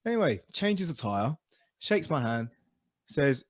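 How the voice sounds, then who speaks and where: A man telling stories as co-host of a casual podcast chat, animated and dropping low and quiet for asides. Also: moderate pace, dry recording, studio quality.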